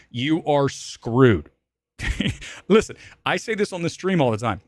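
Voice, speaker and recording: A man hosting a live-stream movie show, ranting animatedly with swearing and sudden loud, high-pitched outbursts. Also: no room sound. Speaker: film critic and show host.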